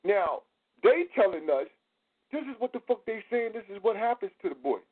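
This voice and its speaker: A man hosting a casual podcast, telling stories in a profane, animated way. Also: sits high, brisk, breathy edge. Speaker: host. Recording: tinny phone line.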